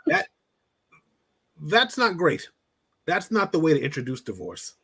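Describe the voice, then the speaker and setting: A man coaching on relationships in a casual podcast talk, blunt and animated, acting out little scenes and swearing freely. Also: fairly high pitch, a little slow, creaky, pauses often, husky.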